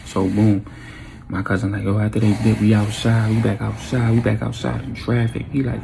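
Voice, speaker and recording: A man's voice: fairly low pitch, moderate pace, creaky, background noise. A young man telling a story in a casual vlog, acting out what people said and making sound effects. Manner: animated, acts out quotes with sound effects.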